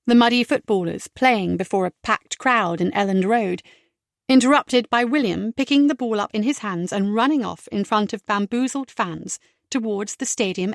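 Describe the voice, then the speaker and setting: A woman reads a mystery audiobook in a measured, clear way at a middle pitch. The studio sound is dry and close, with no room echo. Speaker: audiobook narrator. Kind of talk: scripted audiobook narration.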